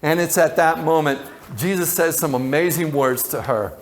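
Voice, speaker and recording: Higher-voiced man preaching conversationally. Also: moderate pace. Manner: conversational, prone to tangents and repeated words. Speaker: pastor. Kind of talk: sermon.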